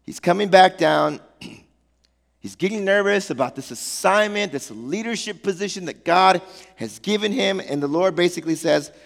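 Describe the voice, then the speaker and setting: A man preaching from the pulpit, his high voice roughened with a gravelly edge. He retells the story with animated energy and playful slang asides. The sound carries the long reverb of a large hall. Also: moderate pace. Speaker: pastor. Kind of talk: sermon.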